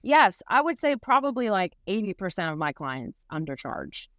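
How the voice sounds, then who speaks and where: Brief: woman guest from new york, mid pitch, lively and laughing, close dry mic. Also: normal speed, no echo. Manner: lively, laughs often, fills with "like" and "right?". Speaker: podcast guest, entrepreneur. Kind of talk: casual interview talk.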